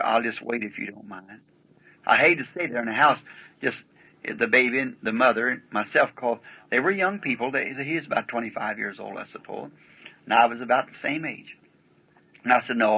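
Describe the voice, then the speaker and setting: A man's voice: medium pitch, vocal fry, husky, phone-quality sound. A man preaching a sermon, telling a story in folksy rural speech with emphatic asides.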